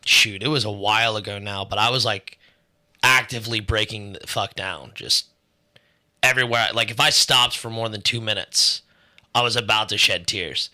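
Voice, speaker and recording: Very bright-voiced rambling man. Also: on the low side, normal speed. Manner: rambling storyteller, heavy fillers and swearing. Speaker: podcast co-host. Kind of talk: casual podcast chat.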